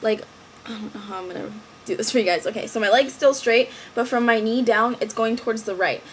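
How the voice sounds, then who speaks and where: A young woman recounting an accident in a loose, chatty vlog. Her voice sits a little high, and she strings her story together with filler words. A faint hiss of room noise runs behind her. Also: fairly quick. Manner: chatty, filler-heavy, animated retelling. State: injured, on crutches. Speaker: vlogger.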